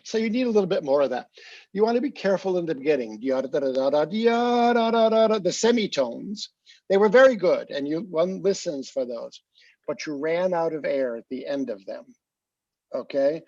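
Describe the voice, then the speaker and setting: An opera coach on a master class panel gives feedback to a singer after her aria, talking fairly quickly with lively intonation in a high-leaning, slightly mellow voice. He's chatty, leans on fillers, and sings short phrases to demonstrate, all in a dull lo-fi recording.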